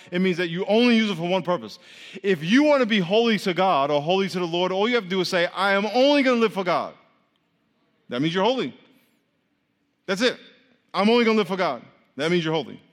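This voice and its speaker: A man's voice: high voice, animated, fast, a bit bright. A man teaching an interactive sermon with call-and-response, playful and quizzing his listeners. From grew up Catholic. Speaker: preacher teaching a class. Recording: long hall reverb.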